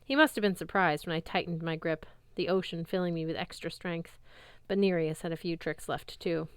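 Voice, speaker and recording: A woman reading a novel aloud in first person, with lively narration. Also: on the low side, a little fast, clean tone, no room sound. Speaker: reader.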